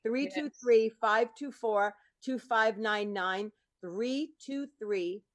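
A woman's voice: a little high, slow. A woman hosting a live call-in radio show, chatty and upbeat. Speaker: radio talk show host.

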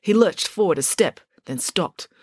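A woman narrating a children's story in an expressive, wry way. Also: on the low side, a little slow, husky, dry recording, clean studio sound. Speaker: audiobook reader.

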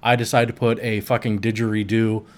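A man's voice: lowish voice, flat delivery, a little fast. A man hosting a podcast, introducing a segment in a laid-back, rambling way with many fillers. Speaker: podcast host. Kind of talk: casual chat.

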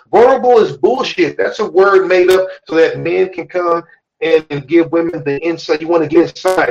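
A man's voice: a little high, muffled recording. A man hosting a podcast, talking in a blunt, profane, emphatic way as he lectures his listeners. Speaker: podcast host. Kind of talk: casual opinionated podcast talk.

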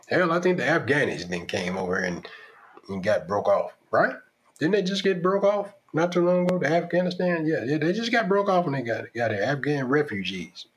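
A man hosts a podcast monologue, laying out his opinions in an emphatic, preachy way. His voice sits a little high and moves around a great deal. He keeps pressing his points with repeats and rhetorical questions. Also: animated, normal speed, a little hiss or hum. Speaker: podcast host.

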